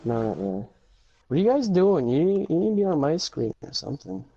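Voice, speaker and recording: A man's voice: on the high side, big pitch swings, brisk, warm tone. A young man livestreaming a game with friends, talking casually in a crude, joking way. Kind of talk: casual gaming livestream chat. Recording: dull lo-fi audio.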